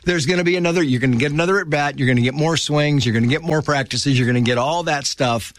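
A man's voice: fairly high pitch, fast, no room sound, studio quality. A middle-aged man telling stories in a casual conversation, acting out the voices of the people he quotes.

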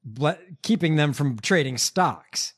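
A man hosting a podcast, chatting casually about politics and stumbling through his points with many pauses. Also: a little high, expressive, fairly bright tone, slightly rough. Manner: halting, many fillers and restarts. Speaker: podcast host.

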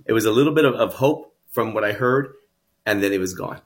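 In a personal storytelling interview, a man from San Antonio, Texas, recounts his life as a guest, speaking earnestly and reflectively in a fairly low voice. He talks a little fast and repeats words as his thoughts build. Nothing is acted; this is his own voice, speaking plainly.

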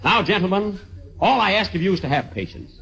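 A man's voice: sits high, sing-song, brisk, creaky, a bit bright, exaggerated voice, low-quality recording. An actor playing a pompous male inventor who keeps repeating himself in exasperation, in 1940s radio comedy style. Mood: exasperated. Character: pompous male inventor demonstrating his telephone.

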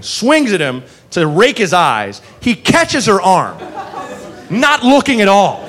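Animated man telling a stand-up story. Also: high voice, unhurried. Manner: animated, profane, jumps into voices. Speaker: stand-up comedian.

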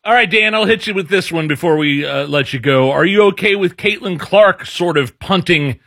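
A man's voice: high-pitched, normal speed, a bit bright, no echo, studio quality. A man co-hosting a sports talk radio show, asking a guest questions in a casual, conversational way.

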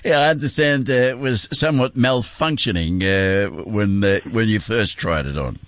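A man's voice: on the low side, normal speed, no room sound. A man hosting a weekend radio show and interviewing a guest, chatty and hesitant, with many fillers. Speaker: radio presenter. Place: radio studio.

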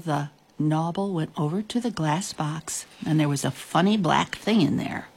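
Female storyteller, husky, low, very expressive children's narration. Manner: expressive, drawn-out reading.

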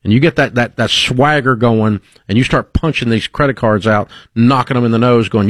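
A man's voice: medium pitch, moderate pace, hardly any pauses, dry recording. A man hosting a call-in show, giving blunt, emphatic money advice like a coach.

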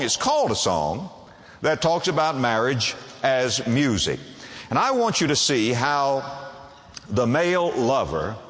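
A man preaching a sermon to a congregation, emphatic and quick to ask them rhetorical questions. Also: mid-range voice, a bit bright, long reverb tail.

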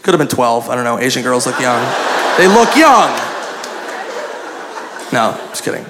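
A man telling a crude, self-mocking story as a stand-up comedian, animated and loose, recorded live in a comedy club. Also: mid-range voice, quick pace, over a noisy crowd, heavy background noise.

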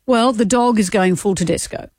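A woman's voice: medium pitch, normal speed, darkish tone, no room sound. A middle-aged Australian woman co-hosting drive-time radio, telling chatty stories with frequent laughs. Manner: chatty storyteller, laughs often. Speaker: radio co-host. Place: radio studio. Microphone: studio microphone.

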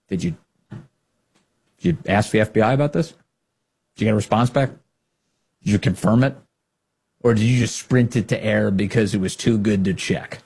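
Sarcastic male commentary host, husky. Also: medium pitch, animated, moderate pace, long pauses. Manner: sarcastic, mocking. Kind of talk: casual political commentary.

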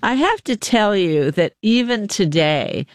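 A playful, chatty host leads the interview, sprinkling in filler words and jokes at their own expense. The voice sits at a middle pitch and is recorded close and dry. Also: sing-song, unhurried, no echo. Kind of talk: conversational interview hosting.

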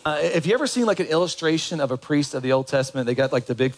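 A man's voice: mid-range voice, animated, very fast, rough recording. A man preaching a sermon as pastor, in a conversational way that asks the congregation questions.

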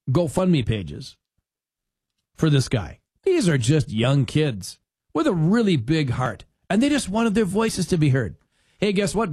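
A man hosting a talk radio show, reading news aloud and adding sarcastic, animated asides. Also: a little high, no echo. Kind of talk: casual talk radio commentary.

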